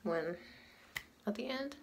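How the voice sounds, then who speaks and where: A woman's voice: mid-range voice, expressive, slow pace, a little mellow, slight background noise. A woman chatting casually through a get-ready-with-me vlog, candid and laughing often, swearing freely, recorded at home on a phone. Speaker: beauty vlogger. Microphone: phone camera.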